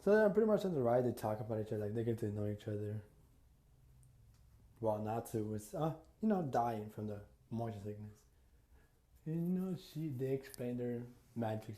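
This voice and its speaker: A man's voice: mid-range voice, animated, brisk, mellow, reverberant. A man casually retelling a fan story, rambling with lots of fillers and acting out the quotes. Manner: rambling, full of "you know" and "like", acts out quotes.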